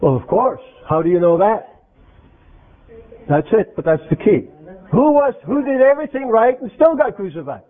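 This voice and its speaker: A man's voice: high voice, very animated, moderate pace. A man preaching an interactive sermon, speaking emphatically and quizzing his congregation with questions. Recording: tinny phone-like lo-fi recording.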